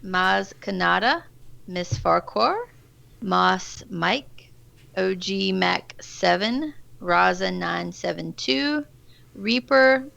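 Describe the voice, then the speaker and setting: Slow, gravelly-voiced woman reading names. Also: mid-range voice, expressive, fairly bright tone, no room sound, highs cut off. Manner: giggly, reading names out slowly. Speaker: live stream co-host. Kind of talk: casual live stream chat.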